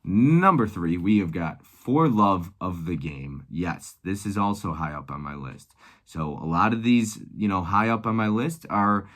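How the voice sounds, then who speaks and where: A man's voice: sits low, lively intonation, a little slow, hardly any pauses, a bit bright. A man in his thirties, chatting casually and enthusiastically about favorite movies, rambling with fillers. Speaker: movie collector vlogger. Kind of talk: casual chat.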